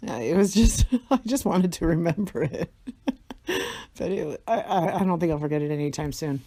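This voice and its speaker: A woman's voice: lowish voice, moderate pace, warm tone, no echo. Profane, rambling woman telling a story. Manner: profane, rambling, laughs often. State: tired. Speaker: vlogger. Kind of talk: casual storytelling monologue.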